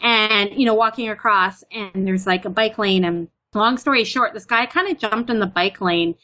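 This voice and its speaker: At a moderate pace and in a mid-range voice, a Canadian guest chats casually, leaning heavily on "like" and "you know." She's chatty and brings her own stories to life with animated retellings.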